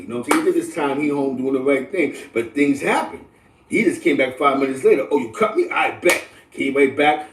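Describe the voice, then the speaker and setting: Animated New man, roomy and distant. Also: medium pitch, slight background noise. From the Bronx, New York. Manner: animated, preachy street slang, keeps asking "you know what I'm saying". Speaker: livestream host. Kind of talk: casual livestream talk to viewers.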